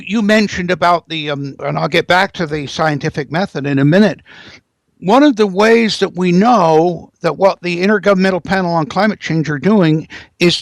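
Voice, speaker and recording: Gravelly high-voiced man lecturing. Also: no room sound. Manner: lecturing, building points with rising emphasis. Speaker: guest expert. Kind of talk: interview, explaining at length.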